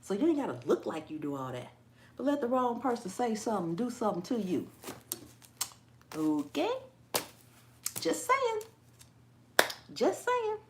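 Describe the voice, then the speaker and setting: A woman hosting a casual live stream, hyper and animated, often laughing and mimicking people. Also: medium pitch, brisk, long pauses, slight background noise. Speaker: gardening channel host.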